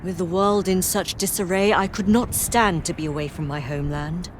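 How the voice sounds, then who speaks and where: An actress voicing a grave, stately noble leader in a fantasy video game, speaking in measured, formal, old-fashioned phrasing. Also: female voice, fairly low pitch, slight background noise, lightly acted. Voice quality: measured, formal archaic diction.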